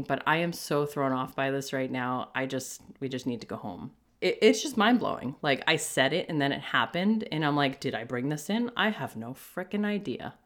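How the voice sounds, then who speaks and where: A middle-aged woman hosting a podcast, telling a personal story in a casual, animated way, jumping into quoted voices and laughing often. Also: low-pitched. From New England. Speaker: podcast host.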